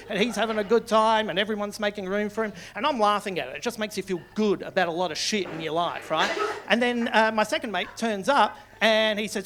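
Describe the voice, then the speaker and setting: A middle-aged Australian man rambles through a stand-up set in a small comedy club, interrupting himself and laughing at his own jokes mid-line. His high-pitched, slightly bright voice moves quickly, with a little background noise behind him.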